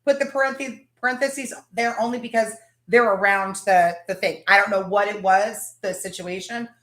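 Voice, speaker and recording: A woman's voice: medium pitch, steady tone, moderate pace, fairly bright tone, reverberant. A woman hosting a casual livestream, chatting and greeting viewers by name. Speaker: livestream host.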